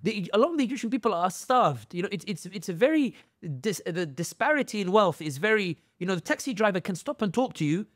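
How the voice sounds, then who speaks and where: A man's voice: high-pitched, quick pace, hardly any pauses, no echo, clean studio sound. A man speaking as a guest on an interview podcast, telling stories with feeling and acting out the voices of people he quotes. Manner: animated storyteller, acts out quoted voices. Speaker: guest commentator.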